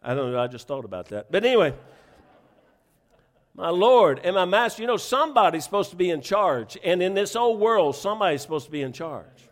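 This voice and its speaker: A man's voice: sits high, big pitch swings, brisk. A man preaching a sermon, fervent and conversational, repeating phrases and restarting lines as he builds. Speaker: pastor.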